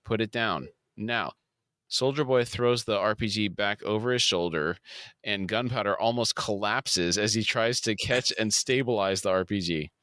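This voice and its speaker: A man's voice: lowish voice, moderate pace, a bit bright, smooth, no echo, studio quality. A man co-hosting a podcast, reading out scene descriptions in an episode recap. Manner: reads scene descriptions aloud. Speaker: podcast co-host.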